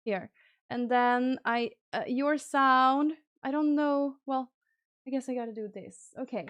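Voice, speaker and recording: High-voiced woman streamer chatting casually. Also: measured pace, smooth, no echo, lo-fi sound. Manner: chatty, thinks aloud while fiddling with stream settings; bursts into high excited thanks for gifted subs. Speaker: livestream host. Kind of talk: casual live-stream chat.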